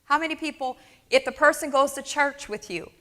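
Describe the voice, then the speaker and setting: Bright-voiced woman speaking in a reverberant hall. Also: sits high, a little fast. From New Orleans, USA. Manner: energetic storyteller, asks the audience, frequent "right?" and "okay?". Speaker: keynote speaker, dental practice coach. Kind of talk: motivational keynote talk. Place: large hall on stage.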